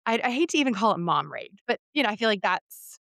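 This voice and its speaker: A woman's voice: medium pitch, big pitch swings, quick pace, fairly bright tone, dry recording. A woman in her thirties hosting a podcast, talking in a candid, conversational way with lots of fillers. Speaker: podcast host. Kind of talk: casual interview chat.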